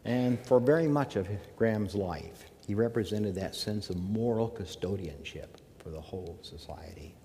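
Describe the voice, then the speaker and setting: A man's voice: on the low side, warm tone. Man lecturing in an echoing hall. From American South. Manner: measured, emphatic phrasing with pauses. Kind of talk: academic lecture.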